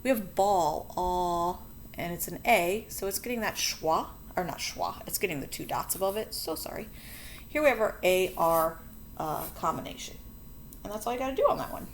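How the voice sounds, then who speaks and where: A woman with a lowish voice teaches a phonics lesson, walking through each word at the board. She talks patiently and chattily and catches her own slips. A faint hum sits under the recording. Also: lively intonation, normal speed. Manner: patient, chatty, self-correcting.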